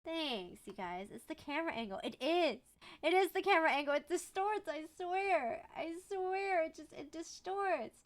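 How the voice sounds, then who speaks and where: A woman's voice: very high-pitched, expressive, normal speed, hardly any pauses. A young woman streamer chatting casually, bubbly and giggly, with casual swearing. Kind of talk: casual chat.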